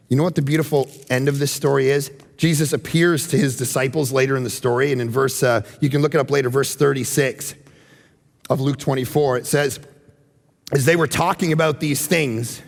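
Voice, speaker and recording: A man preaching a sermon as pastor, animated, moving from shouts down to hushed, near-whispered lines. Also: medium pitch, gravelly, long reverb tail. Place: church hall.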